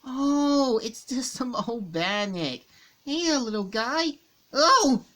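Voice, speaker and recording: A woman's voice: fairly high pitch, lively intonation, slow pace, voice pushed up. A woman voicing a cocky young male hedgehog hero from a comic, brash and jumpy, reading his lines aloud. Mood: startled.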